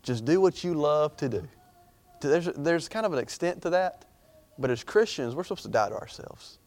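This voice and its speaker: A man's voice: fairly high pitch, lively intonation, moderate pace, darkish tone, dry recording. A young man preaching an informal sermon in a chatty, rambling way, full of fillers and restarts.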